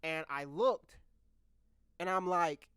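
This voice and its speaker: A young man in his twenties spinning a storytime tale with a sharp, bright voice. He is animated, laughs often, trips over his own words, and swears freely as he talks straight to the camera. The sound is close and dry. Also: on the high side, takes it slowly, clean tone, no echo. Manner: swears casually, addresses viewers directly. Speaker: vlogger telling a story. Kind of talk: casual storytime monologue.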